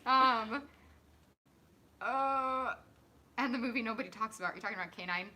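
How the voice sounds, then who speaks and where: A woman's voice: a little high, normal speed, sharp tone, slight background noise. A woman, an actress hosting a live stream, chatting casually and upbeat with many fillers. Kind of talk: casual chat.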